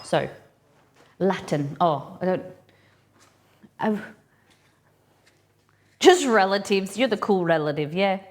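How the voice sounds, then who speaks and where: A woman's voice: mid-range voice, lively intonation, slow, long pauses, a little hiss or hum. A woman hosting a casual live cooking stream, chatting and thinking aloud with rambling asides as she works in a kitchen.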